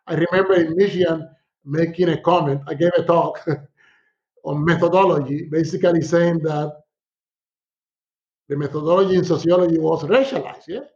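A middle-aged man, a sociology professor, telling stories in a casual conversation, animated and laughing often. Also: on the high side, moderate pace, pauses often, lo-fi sound. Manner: animated storyteller, laughs often, acts out quotes.

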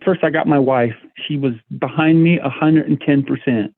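A man's voice: fairly high pitch, normal speed, no room sound. Earnest middle-aged man, guest telling his story, thin phone-line audio, no room sound. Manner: earnest, restarts words often. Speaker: volunteer guest. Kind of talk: casual interview.

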